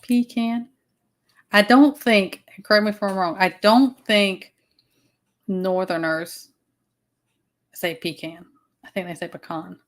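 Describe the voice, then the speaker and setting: This Southern US woman hosts a casual livestream, rambling along with fillers and restarts. She speaks slowly in a medium-pitched voice and pauses often.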